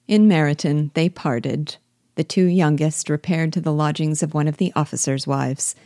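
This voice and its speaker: A woman reads a classic novel aloud in a measured, clear storytelling manner. Her voice sits low and mellow. The recording is dry and close, with no room sound. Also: no echo. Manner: measured, clear storytelling delivery with light character shading. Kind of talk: audiobook-style literary reading.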